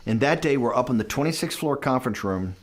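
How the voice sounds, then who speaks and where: A man's voice: mid-range voice, fast. A man being interviewed, telling a long story in a loose, rambling way, often restarting and acting out what people said. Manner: rambling, animated, restarts and acts out quoted dialogue. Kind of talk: conversational storytelling.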